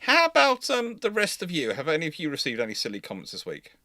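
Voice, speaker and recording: A man's voice: a little high, wildly swooping pitch, fast, sharp tone, dry recording. Man hosting a rambling live Q&A. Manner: rambling anecdotal storytelling, acts out quotes. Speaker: host. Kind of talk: live naval history Q&A stream.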